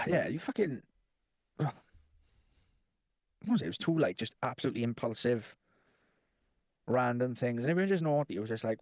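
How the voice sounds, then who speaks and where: A man's voice: mid-range voice, big pitch swings, normal speed, pauses often, no echo, clean studio sound. A man in his thirties, a podcast co-host telling rambling stories in casual chat and swearing constantly.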